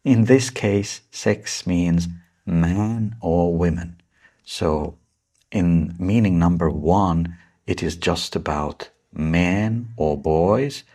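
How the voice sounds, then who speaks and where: Slow, husky-voiced man teaching English. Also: deep voice, mellow. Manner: slow, patient explaining with stressed key words. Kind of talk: vocabulary lesson.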